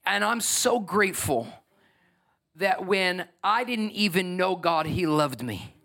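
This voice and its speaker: A middle-aged man preaching a sermon as pastor, conversational and emphatic, swinging from soft to loud. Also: sits high, animated, takes it slowly, creaky.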